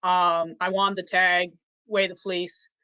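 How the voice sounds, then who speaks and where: A woman on a sheep producers' panel speaking haltingly with frequent ums over a video call. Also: on the low side, level tone, sharp tone, smooth, no room sound. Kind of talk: casual panel talk. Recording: dull, dry video call audio.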